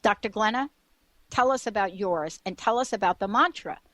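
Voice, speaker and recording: A woman's voice: medium pitch, normal speed, fairly bright tone, no room sound. A woman hosting a radio talk show, chatting eagerly and rambling with many fillers and restarts. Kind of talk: casual radio chat.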